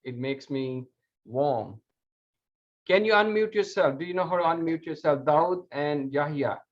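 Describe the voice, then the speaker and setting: A man with a somewhat high voice hosts an online meeting. He sounds friendly and encouraging, with non-native phrasing, and the call audio is muffled and lo-fi. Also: measured pace. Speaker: event host.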